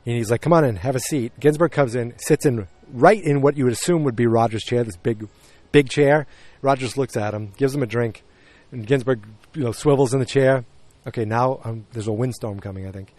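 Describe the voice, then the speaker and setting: A man's voice: mid-range voice, brisk, darkish tone. A man hosting a podcast, casually recapping a TV episode and rambling with many fillers and restarts. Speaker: podcast host.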